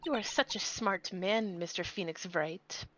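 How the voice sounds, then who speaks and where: A woman's voice: on the high side, big pitch swings, moderate pace, noisy background. A woman reading aloud as a haughty, arrogant young female prosecutor from a video game.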